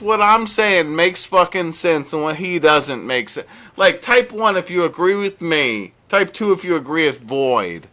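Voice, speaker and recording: A man's voice: a little high, animated, measured pace, pushed and bright. A young man streaming live, ranting at a chatter in a sarcastic, heated way. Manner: sarcastic, heated, mock-pleading. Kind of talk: live-stream rant to chat.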